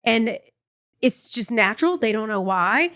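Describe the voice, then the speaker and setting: Woman, podcast co-host, fairly high pitch, chatty explainer, casual and quick. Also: animated, sharp tone. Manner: chatty, explains things in quick bursts with lots of "like". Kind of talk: casual chat.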